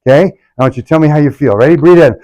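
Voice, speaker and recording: A man's voice: on the high side, racing, mellow. A middle-aged man, a chiropractor, leading a live workshop with punchy talk, sarcastic asides and constant rhetorical questions.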